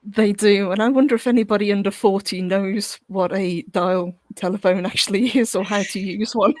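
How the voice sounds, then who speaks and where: A woman with a British accent talks through film trivia in a measured, informative way and giggles often. Her voice sits at a middle pitch and sounds dry and close on a home microphone. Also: fairly even intonation, darkish tone, no room sound. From Britain. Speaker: podcast co-host. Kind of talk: casual movie discussion.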